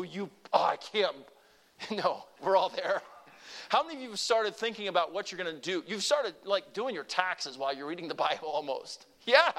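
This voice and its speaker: A man preaching a sermon to a congregation, earnest and conversational, rising to emphatic peaks and dropping to soft, quiet asides. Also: fairly high pitch. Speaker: pastor.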